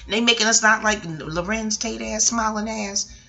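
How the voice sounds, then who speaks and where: A woman's voice: a little high, normal speed, vocal fry, bright, forceful tone. A woman, rambling through a casual, profane TV recap at home, digressing and laughing often. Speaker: vlogger reviewing a TV episode. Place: home, near a kitchen.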